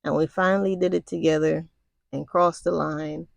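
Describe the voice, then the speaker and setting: Middle-aged woman, casual storyteller: raspy low edge, colloquial and confiding, dry close recording. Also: fairly even intonation, moderate pace, dry recording. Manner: conversational and colloquial, with frequent asides to the listener. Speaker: storyteller recounting military basic training.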